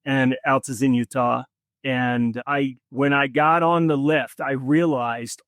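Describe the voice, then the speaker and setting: Guy on a podcast telling his story, earnest, kinda reflective, lots of pauses, mid voice, dry close mic. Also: medium pitch, fairly even intonation, fairly bright tone, no echo. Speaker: podcast guest. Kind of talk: personal storytelling in conversation.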